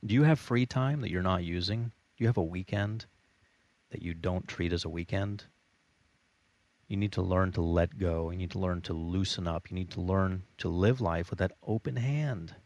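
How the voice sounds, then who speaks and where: A man's voice: sits low, normal speed, darkish tone, dry recording. A man teaching a recorded online course lesson with an emphatic, repetitive, motivational delivery. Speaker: course instructor.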